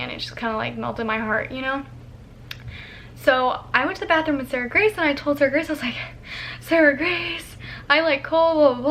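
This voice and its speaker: A woman's voice: fairly high pitch, slight background noise. A young woman casually telling a personal story, chatty and full of "like", acting out the lines she quotes. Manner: chatty, heavy use of "like", animated quoting.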